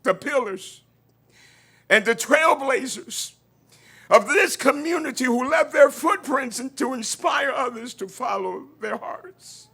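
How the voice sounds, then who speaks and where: A man's voice: extremely high pitch, animated, slow, creaky, slightly rough. A man giving an invocation at an outdoor event, praying fervently and leading the crowd in call-and-response lines. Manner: fervent, rising to near-shouts, leads crowd responses.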